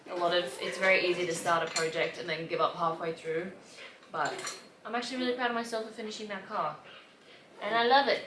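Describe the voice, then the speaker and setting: A woman's voice: medium pitch, pushed and bright, echoey room, a little hiss or hum, rough recording. A woman in her thirties, a car vlogger answering questions casually and self-deprecatingly while she works on her car in a home garage.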